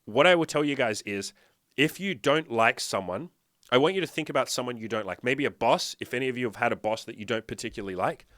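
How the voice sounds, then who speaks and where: A man's voice: medium pitch, quick pace, a bit bright, no room sound, clean studio sound. Blunt, swearing man lecturing viewers. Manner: blunt, profane, emphatic lecturing; addresses viewers directly with rhetorical questions. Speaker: dating and fitness coach. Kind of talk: direct-to-camera motivational talk.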